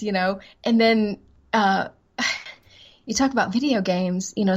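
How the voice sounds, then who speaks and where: A woman voice-over actress chatting as an interview guest, rambling and self-deprecating, laughing easily. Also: mid-range voice. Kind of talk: casual interview chat.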